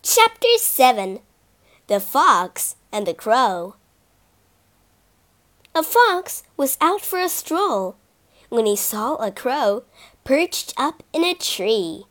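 Lively woman reading a children's fable. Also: a little high, slow, pauses often. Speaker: storyteller. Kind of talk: children's storybook narration.

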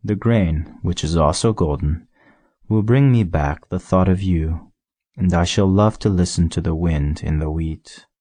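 A man voicing a wise, lonely male fox in an audiobook, explaining things gently and in measured phrases. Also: sits low, breathy edge, no echo. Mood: musing. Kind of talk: audiobook character reading.

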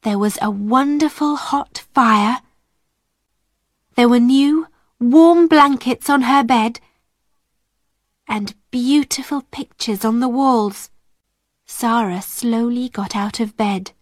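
Slow, careful woman storybook narrator. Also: a little high, dry recording, clean studio sound. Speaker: audiobook narrator. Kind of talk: graded-reader storybook narration.

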